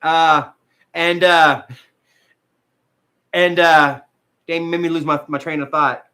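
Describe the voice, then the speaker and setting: A man with a high, bright voice talks to his live viewers in a loose, rambling way, full of fillers and curses. He drifts between laughter and tears as he opens up. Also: steady tone, takes it slowly. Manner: rambling, frequent fillers, heavy swearing. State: tearful at times. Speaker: vlogger talking to live viewers. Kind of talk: emotional casual livestream talk.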